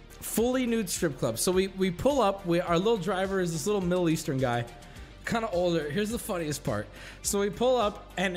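A young man tells a rowdy story in casual chat, swearing and giggling as he goes. His voice sits fairly high and leaps around a lot. Faint music plays beneath him. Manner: animated, swears often, giggles, jumps into high-pitched shouts. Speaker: streamer. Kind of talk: casual storytelling while reacting to clips.

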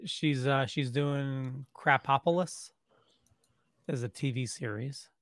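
A man in casual podcast chat, speaking haltingly with fillers. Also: medium pitch, fairly even intonation, fairly bright tone, no echo, studio quality. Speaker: podcast co-host.

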